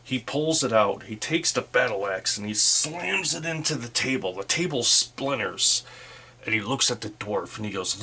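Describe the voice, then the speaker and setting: A man's voice: on the low side, expressive, normal speed, sharp tone, slight background noise. A man narrating a solo tabletop roleplaying game in a casual way, thinking aloud and using fillers.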